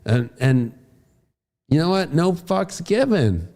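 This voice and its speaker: A man giving a horoscope forecast as an astrologer, casual and profane, acting out voices he quotes and bursting into shouts. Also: on the high side, very animated, slow.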